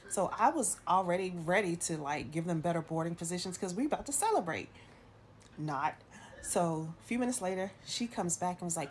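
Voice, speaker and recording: A woman who works for an airline, telling a story in a chatty, animated, slangy way. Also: fairly low pitch, moderate pace, a little hiss or hum. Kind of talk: casual storytelling.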